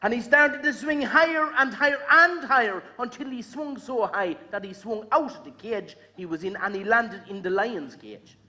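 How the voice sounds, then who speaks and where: Irish midlands man, joke-telling, high-pitched, sharp voice, chuckles at punchlines. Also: expressive, normal speed, few pauses. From Ireland. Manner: folksy yarn-spinning, chuckling at his own punchlines. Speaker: amateur comedian. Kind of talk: storytelling jokes. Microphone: video call.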